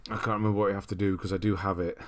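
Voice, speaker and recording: Racing through his words in a low, flat voice, a young Brit runs a casual livestream. He chats loosely, reads comments from viewers, and laughs often.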